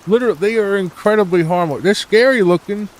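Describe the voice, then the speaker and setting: A man from the United States giving soft-spoken, rambling gameplay commentary meant for falling asleep, full of hesitations. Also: high voice, quick pace. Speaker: gaming channel host.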